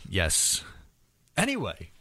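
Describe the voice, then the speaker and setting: A man co-hosting a podcast in casual chat, teasing his co-host and quick to laugh. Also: on the low side, huge pitch swings, sharp tone, dry recording, clean studio sound.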